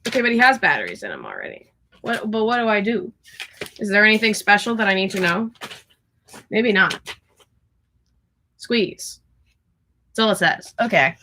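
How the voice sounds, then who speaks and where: A young woman hosting a casual livestream from home, chatty and excitable, breaking into giggles often. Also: medium pitch, normal speed, pauses often, slight background noise. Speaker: livestream host. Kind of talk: casual live chat.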